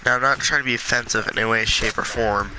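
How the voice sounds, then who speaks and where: A congested man talking earnestly and with passion in a gaming vlog, with halting restarts. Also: medium pitch, fairly even intonation, background noise. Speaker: gaming video creator.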